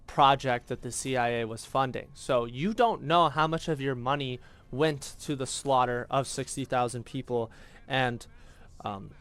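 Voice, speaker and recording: An American gaming YouTuber rambles through casual, profanity-laced history commentary over gameplay, filling it with lots of filler words. His mid-range voice is clear and resonant with a fairly bright tone.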